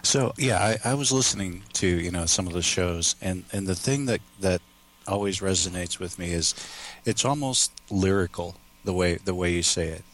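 Low-voiced guy on a podcast as guest, lots of ums, halting. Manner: hesitant, halting, many fillers. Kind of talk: casual chat.

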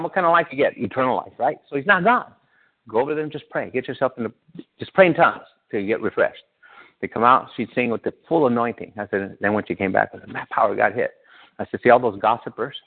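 Husky and medium-pitched, a male pastor races through his sermon in a conversational manner, firing questions at the congregation. The recording has a tinny, phone-like quality.

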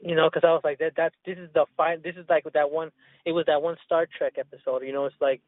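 Guy rambling thru a story, swears a lot, kinda high voice, phone-line sound. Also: level tone, fast, dry recording. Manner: rambling, profane, with many restarts. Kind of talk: casual storytelling chat.

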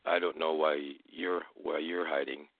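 A man with a very deep, gravelly voice speaks in a deliberate, unhurried way, turning pointed and combative when challenged. His voice comes through a thin, tinny phone-like line with a dry, close sound. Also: flat delivery, no echo. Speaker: guest speaker. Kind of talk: casual storytelling and argument.

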